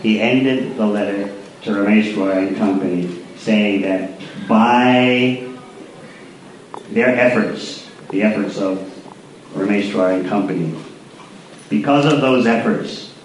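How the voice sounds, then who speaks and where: A man at a devotional gathering, telling a story to the assembly in an informal, halting way. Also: lowish voice. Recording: distant voice in a very echoey hall with noise.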